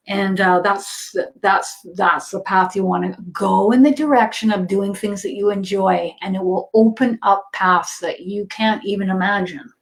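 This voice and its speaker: Chatty woman medium, laughing easily. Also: mid-range voice. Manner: chatty, laughs often, many fillers. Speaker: psychic medium. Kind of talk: casual livestream reading.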